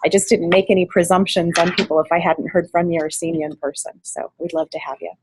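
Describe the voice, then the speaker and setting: A woman's voice: on the low side, fairly even intonation, fast talker, noisy background. A woman coordinating volunteers, giving a practical training talk with frequent fillers, speaking to a room and an online meeting. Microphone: online meeting mic, at varying distance.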